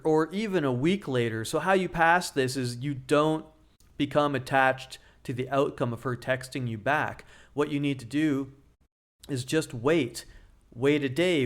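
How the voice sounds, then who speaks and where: A man who works as a dating coach gives blunt, joking relationship advice in a casual vlog. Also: a little high.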